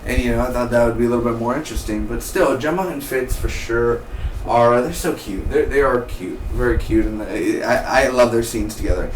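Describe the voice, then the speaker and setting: Excitable male TV reviewer, slangy and loose, mid-pitched voice, roomy distant sound. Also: a little fast, a little hiss or hum. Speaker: TV show reviewer. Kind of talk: casual episode review. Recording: roomy, distant mic, faint ambience.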